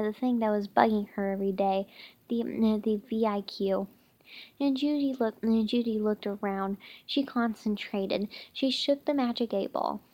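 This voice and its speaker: A woman reading a children's chapter book aloud, halting, with many restarts. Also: on the high side, lo-fi sound. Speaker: reader.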